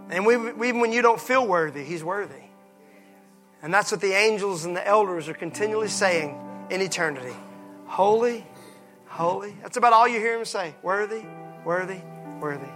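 A pastor preaching a passionate sermon, moving from hushed lines to shouts. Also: male voice, high voice, lively intonation, normal speed, pauses often, soft background music.

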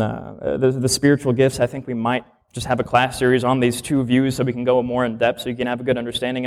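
A man, a minister, teaching a conversational sermon and often asking rhetorical questions. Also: medium pitch.

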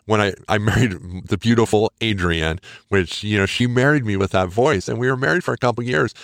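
A middle-aged man hosting his own podcast, talking to listeners in an earnest and encouraging tone. His voice sits on the low side. The recording is close and dry. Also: fairly quick, vocal fry, fairly bright tone, no room sound. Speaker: podcast host. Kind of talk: casual solo podcast monologue.

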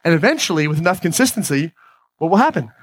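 A man's voice: on the high side, very animated, fast. A man giving a motivational talk on stage, speaking conversationally and putting questions to his audience. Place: stage before a live audience.

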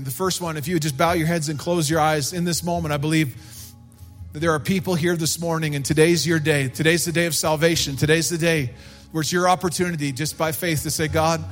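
A man preaches a sermon in an earnest, unhurried way and stretches out key phrases. His voice sits a little high for a man, and it climbs when he presses a point. Soft music plays faintly behind him. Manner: earnest, slow and emphatic, rising for stress. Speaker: pastor.

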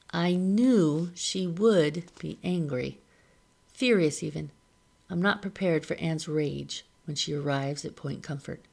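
Low, gravelly-voiced woman reading aloud. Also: slow pace, pauses often, darkish tone. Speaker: reader of a novel.

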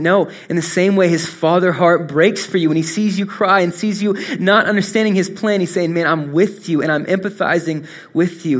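A young man preaching a sermon, earnest and swinging from soft, intimate moments to impassioned rises. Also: medium pitch. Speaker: pastor.

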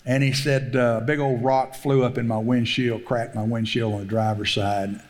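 A man's voice: medium pitch, little pitch movement, moderate pace. A middle-aged man, preaching a sermon and telling a story, laughing often and acting out the voices he quotes. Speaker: pastor.

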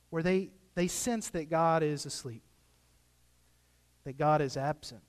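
A man preaching a sermon in a casual, conversational way, rising at times into impassioned pleas. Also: on the high side. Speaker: pastor. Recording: long hall reverb.

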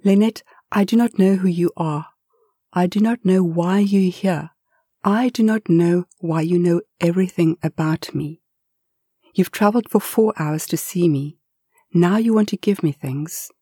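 A woman voicing a wary, guarded local woman who speaks in a firm, measured way. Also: on the low side, dark tone, breathy edge, no room sound, clean studio sound. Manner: firm, measured, plain-spoken.

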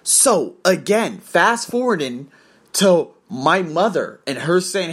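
A man's voice: on the high side, expressive, slow, husky. A man telling a blunt, profane personal story in a confessional monologue.

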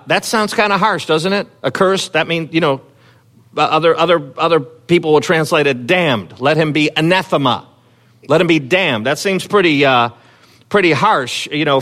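A man's voice: medium pitch, fairly bright tone. A man preaching a sermon in a conversational way, asking the congregation questions and rising with energy when he quotes scripture. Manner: frequent fillers and restarts, asks the congregation questions. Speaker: pastor.

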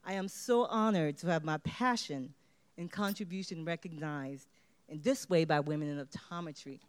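A woman's voice: low voice, moderate pace. A woman giving a motivational award acceptance speech, leading her listeners in call-and-response chants.

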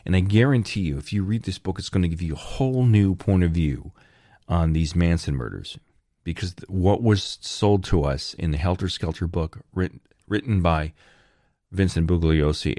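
A man hosting his own online channel in a loose, rambling monologue. His voice is very low, and the sound is dry and close with no room echo. He slips in sarcastic jokes and restarts his sentences often. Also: normal speed, a little mellow. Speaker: channel host.

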